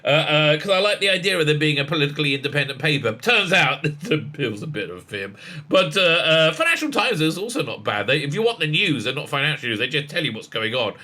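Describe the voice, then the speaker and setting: A man, rambling excitably through a casual commentary vlog with many fillers and restarts. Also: a little high, quick pace. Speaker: rabbi and online commentator.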